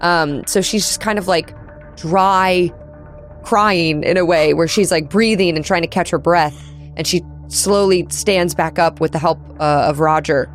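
A woman's voice: lowish voice, a little slow, faint music behind. Rambling woman playing a tabletop game. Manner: rambling, lots of likes and restarts. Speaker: player. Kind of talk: describing her character's actions in a tabletop game.

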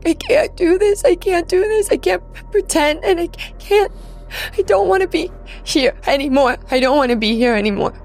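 A woman's voice: lively intonation, moderate pace, a little mellow, faint music behind, lightly acted. A woman playing a distraught investigator near tears. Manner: tearful, pleading, raised high voice.

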